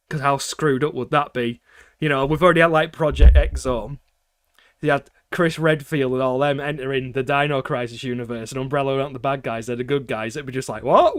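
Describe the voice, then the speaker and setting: A game streamer chats casually during a livestream, ranting with plenty of swearing and laughing between points. His medium-pitched voice is smooth, and the audio is studio quality with no room sound.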